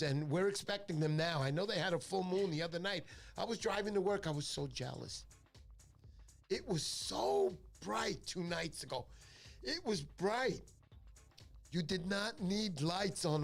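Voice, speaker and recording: Joking, rambling New man, lively pitch. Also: a little slow, gravelly, soft background music. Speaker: fishing show host. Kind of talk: casual livestream chat.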